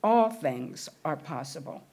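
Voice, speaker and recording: A woman's voice: low voice, expressive, takes it slowly, a little mellow. A middle-aged woman giving a sermon, telling a story and acting out the scenes with shifting voices. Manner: storytelling, acts out film scenes in varied voices. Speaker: spiritual speaker.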